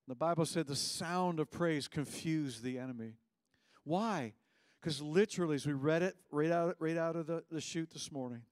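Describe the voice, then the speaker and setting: A man preaching a sermon as pastor, moving between hushed and raised passages. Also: a little high, no room sound. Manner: impassioned, swings from hushed to raised. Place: church service.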